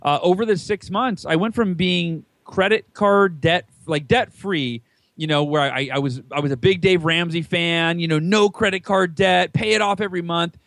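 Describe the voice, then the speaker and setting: An American man in his thirties, a podcast guest telling his story casually and acting out the dialogue in a higher voice. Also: moderate pace, no room sound. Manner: animated, acts out quoted dialogue in a higher voice.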